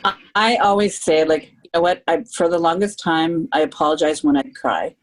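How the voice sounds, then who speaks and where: Low-voiced woman speaking earnestly. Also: moderate pace, low-quality recording. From Canada. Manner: earnest and open, thinking aloud with restarts. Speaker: guest. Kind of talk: reflective podcast conversation.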